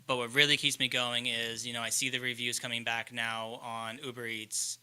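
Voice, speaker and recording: A man's voice: medium pitch, flat delivery, normal speed, pushed and bright, clear, resonant tone. A man who runs a ramen business, explaining his cooking at length in a casual podcast conversation. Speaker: chef and ramen maker.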